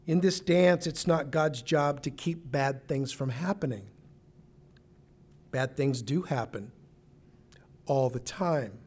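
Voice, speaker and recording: A man's voice: medium pitch, takes it slowly, pauses often, darkish tone, husky. A man preaching a sermon as a pastor, earnest and emphatic, now and then restarting a phrase.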